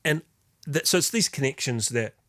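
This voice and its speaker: Halting middle-aged male podcast host. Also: medium pitch, expressive, a bit bright, dry recording. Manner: halting, rambling, lots of fillers. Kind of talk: casual chat.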